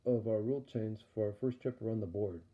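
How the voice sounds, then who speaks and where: A man's voice: lowish voice, brisk, close to an everyday voice. A man voicing a fussy, stammering female robber dressed as a cop, in an audio story. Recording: dull lo-fi recording.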